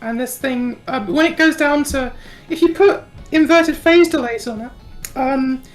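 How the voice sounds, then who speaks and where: Game-tournament co-caster: woman, Yorkshire-South African accent, high voice, giggly, rambling, faint music underneath. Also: a little slow. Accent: mix of Yorkshire and South African. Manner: giggly, rambling, often loses her words. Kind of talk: live game-tournament commentary.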